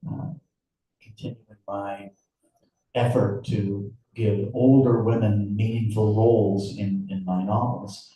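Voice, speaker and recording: A man's voice: lowish voice, little pitch movement, takes it slowly, warm tone, recorded from a distance, highs cut off. A man, an author, chatting casually and self-deprecatingly about his novel at a book event. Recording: very echoey room, voice from afar.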